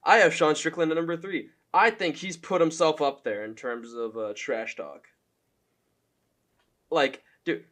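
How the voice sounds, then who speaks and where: A man's voice: on the high side, measured pace, a bit bright. Casual, profane young male fan commentator. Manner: loose, profane, laughing, filler-heavy.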